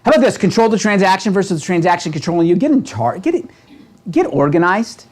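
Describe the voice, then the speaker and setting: A man leading a real estate training seminar, talking with a lively, coaching manner and checking in with the room constantly. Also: high voice, fast talker. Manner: animated, asks the room constant "right?" questions. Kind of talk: motivational seminar talk. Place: seminar room with a live audience.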